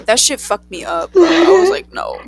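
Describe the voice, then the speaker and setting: A young woman casually telling a story to friends, animated and profane, acting out the voices in it. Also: extremely high pitch, moderate pace, creaky, heavy background noise. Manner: animated, profane, acts out quotes. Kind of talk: casual chat.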